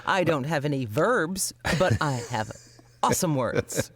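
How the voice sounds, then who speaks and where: A woman's voice: low-pitched, animated, measured pace. A woman co-hosting a podcast, chatting casually and making playful, self-deprecating jokes. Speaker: podcast co-host, voice actor. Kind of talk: casual chat.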